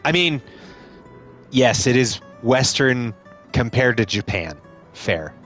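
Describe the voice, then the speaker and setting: A man's voice: medium pitch, animated, takes it slowly, fairly bright tone. A man casually commenting on a game he streams live, joking and swearing, with game music behind.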